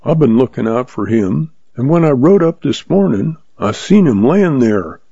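Calm cowhand, slow mild drawl, lifted pitch, played by a man. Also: vocal fry, breathy edge, no echo. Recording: dry, slightly muffled lo-fi.

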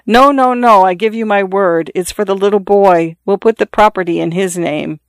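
Brief: a narrator playing a distraught young mother, urgent and tearful, raised a little in pitch, smooth tone. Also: moderate pace, no room sound, close to an everyday voice. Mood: distraught pleading. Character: grieving young mother, emotional and pleading. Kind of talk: audiobook character reading.

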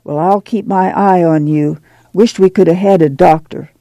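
A man's voice: sits high, fairly even intonation, normal speed, warm tone, no room sound, studio quality. A man voicing a weary, determined farm mother who gives firm orders in plain rural dialect. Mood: firm, urging.

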